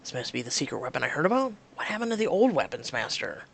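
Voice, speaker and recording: A woman voicing an earnest young man in a story game, speaking in a lowered voice. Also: sing-song, fast talker, creaky, husky, full character voice. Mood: curious.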